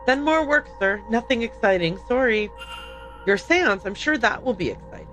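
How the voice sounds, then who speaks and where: A woman's voice: fairly high pitch, animated, normal speed, fairly bright tone, soft background music. Woman putting on a deferential housekeeper with a shaky accent. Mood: polite. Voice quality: put-on accent she calls not very good. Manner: polite, deferential, says sir often. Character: devout kindly female cook and housekeeper.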